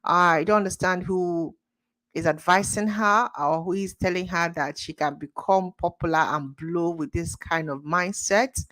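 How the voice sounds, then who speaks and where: Nigerian woman, lowish voice, indignant casual commentary, quick exclamations. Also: steady tone, fairly bright tone. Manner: indignant, exclaiming, laughs often. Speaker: commentary channel host.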